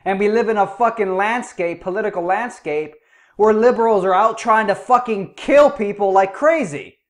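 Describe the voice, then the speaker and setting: A man's voice: high-pitched, normal speed. A man hosting a reaction commentary, ranting angrily and swearing a lot. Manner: angry, profane ranting. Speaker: host.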